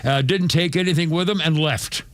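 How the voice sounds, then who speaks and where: A man's voice: a little high, normal speed, dry recording. A man hosting a radio show, rambling through showbiz news in a casual chat with many fillers and chuckles.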